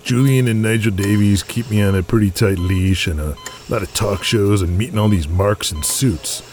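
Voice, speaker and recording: Man doing a laid-back young wrestling star, casual slang, low voice, music underneath. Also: normal speed, darkish tone, natural voice. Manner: casual, surfer-like slang, calls people buddy.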